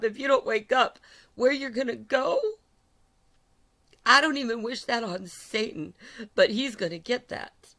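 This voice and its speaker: A woman's voice: a little high, fairly bright tone. A middle-aged woman preaching an impassioned religious sermon, urgent and repetitive, building in intensity.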